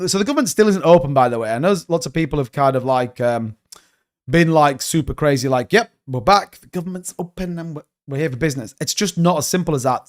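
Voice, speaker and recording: Brief: male livestream host, higher voice, animated, cursing, exasperated. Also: clear, resonant tone. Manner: animated, swearing, exasperated rants. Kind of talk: casual livestream commentary.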